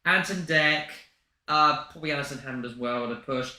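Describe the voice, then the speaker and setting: A man's voice: on the high side, sharp tone, reverberant. A young man co-hosting a livestream in casual, joking chat. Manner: chatty, quick to joke. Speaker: livestream co-host.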